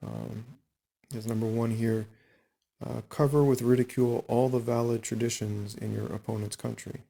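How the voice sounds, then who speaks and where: A man reading book excerpts aloud and adding his own comments, unhurried and full of pauses and fillers. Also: mid-range voice, flat delivery, gravelly, dark tone. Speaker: reader and commentator.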